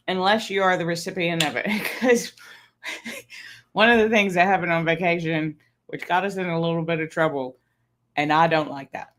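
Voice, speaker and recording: A woman's voice: lowish voice, bright, forceful tone. A woman in her fifties chatting on a birthday livestream, telling stories and laughing often. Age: 50s. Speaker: livestream host. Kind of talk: casual birthday livestream chat. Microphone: streaming setup mic.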